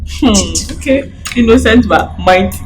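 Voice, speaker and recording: A woman's voice: on the high side, lively intonation, unhurried, noisy background. A woman acting in a comedy sketch, teasing a friend. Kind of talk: scripted comedy skit.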